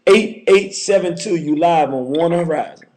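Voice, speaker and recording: A man's voice: on the high side, normal speed, darkish tone. A man hosting a call-in show, talking fervently with a repetitive, preacher-like cadence. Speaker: radio call-in host.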